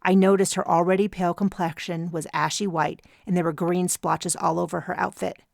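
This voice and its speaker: A woman narrating a first-person audiobook in a measured storytelling manner on a close mic. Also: lowish voice, level tone, creaky, no echo.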